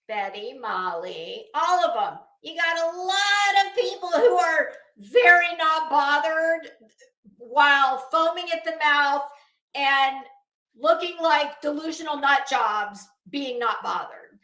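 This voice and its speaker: A woman's voice: high-pitched, slow pace, pushed and bright, roomy sound. A woman streamer doing casual commentary, chatty and sassy, talking straight to the people she discusses. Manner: chatty, sassy, addresses people directly with asides and laughs.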